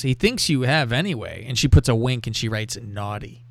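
A man hosting a casual show, telling a crude story in a lively, profane way and reading out text messages. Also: medium pitch, unhurried, vocal fry, no room sound. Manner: animated, profane, reads out texts with laughter. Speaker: podcast host.

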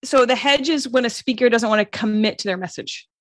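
A woman's voice: a little high, a little fast, a bit bright, no echo. A woman co-hosting a casual chat, self-deprecating and laughing often.

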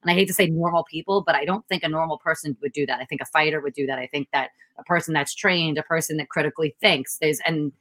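A woman's voice: deep voice, quick pace, few pauses, dry recording, low-quality recording. A woman chatting casually, telling stories animatedly and acting out what people said. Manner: animated storytelling, acts out quotes. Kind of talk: casual chat.

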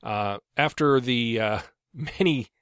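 A man's voice: medium pitch, slow, clean tone, no echo, studio quality. Wry man co-hosting a book podcast. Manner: wry, relaxed, fond of jokey segues. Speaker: podcast co-host. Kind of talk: casual book discussion.

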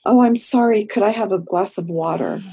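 A woman's voice: mid-range voice, brisk, a crowd in the background, voice pushed up, lightly acted. A woman voicing an anxious adult therapy client who keeps apologizing in a flustered way.

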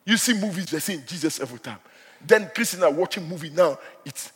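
A male preacher giving an impassioned sermon, dropping to hushed asides and rising to shouts. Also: a little high, lively intonation, brisk, husky, in a large hall. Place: church hall.

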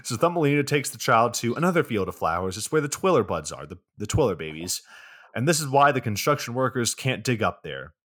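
A man's voice: mid-range voice, big pitch swings, brisk, a bit bright, no room sound, studio quality. A man co-hosting a podcast who summarizes a movie plot in a matter-of-fact way, swearing offhandedly. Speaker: podcast co-host. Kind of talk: casual plot recap.

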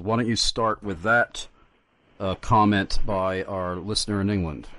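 A man's voice: fairly low pitch, measured pace, bright, forceful tone, no room sound. A man hosting a radio interview show, reading listener emails aloud with strong emphasis.

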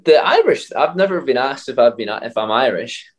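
A young Scottish man answering interview questions in a relaxed, self-deprecating way, often laughing. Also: medium pitch, normal speed. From Scotland. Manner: laid-back, laughs at himself. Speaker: guest athlete.

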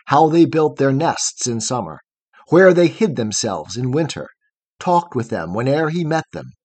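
A man's voice: a little high, darkish tone, no room sound. A man reading a long poem aloud in a rhythmic, chanting cadence. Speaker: reader. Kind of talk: poetry reading.

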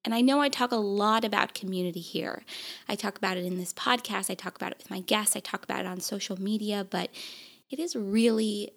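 A woman's voice: mid-range voice, steady tone, a little fast, gravelly, a bit bright. A woman hosting her podcast, talking earnestly and emotionally, close to tears. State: tearful. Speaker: podcast host. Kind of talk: heartfelt solo podcast monologue.

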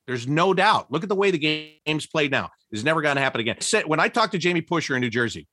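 Animated man telling hockey stories. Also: no echo, studio quality. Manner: animated, laughing storyteller with big pitch jumps when quoting. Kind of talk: storytelling interview.

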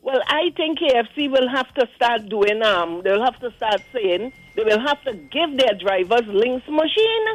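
A Trinidadian woman phoning in to a radio show, fired up and indignant as she acts out the people she quotes. Her voice sits fairly high and sounds dry and close, with faint music underneath. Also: sing-song, normal speed, few pauses, no room sound, poor audio. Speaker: caller. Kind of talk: call-in radio commentary. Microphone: phone line.

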